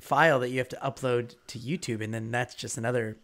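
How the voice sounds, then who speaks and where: A man co-hosting a casual live-stream chat, talking in a relaxed, rambling way. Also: mid-range voice, quick pace. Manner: relaxed, rambling, chuckles while explaining.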